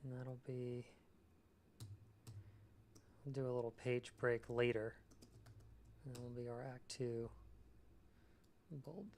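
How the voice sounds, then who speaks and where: A man's voice: medium pitch, fairly even intonation, slow, pauses often, a little hiss or hum. A man streaming his screenwriting work in casual chat, reading out viewers' messages and answering them thoughtfully. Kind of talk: casual livestream chat while writing.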